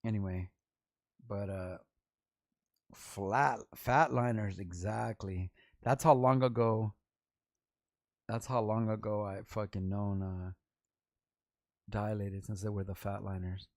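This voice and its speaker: A man's voice: on the low side, steady tone, takes it slowly, long pauses, darkish tone, no room sound. A middle-aged man from Los Angeles hosting a vlog, telling rambling, slangy stories with restarts and quoted voices. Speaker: vlog host, rapper. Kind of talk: casual storytelling vlog.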